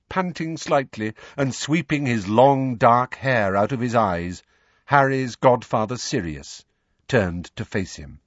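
A man reading a story aloud, with an expressive, dramatic delivery. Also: mid-range voice, dry recording. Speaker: audiobook narrator. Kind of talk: scripted story narration. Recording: dry, slightly dull lo-fi recording.

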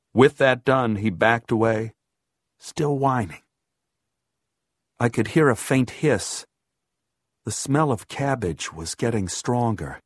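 A man reading a first-person horror audiobook, measured, dropping low and quiet on grim lines. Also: no echo, studio quality. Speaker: audiobook narrator.

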